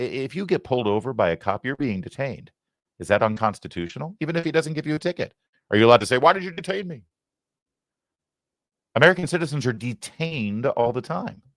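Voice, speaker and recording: A man's voice: mid-range voice, fairly bright tone, dry recording, clean studio sound. A middle-aged man hosting a political commentary show, talking in a sarcastic, indignant, emphatic way. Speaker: host.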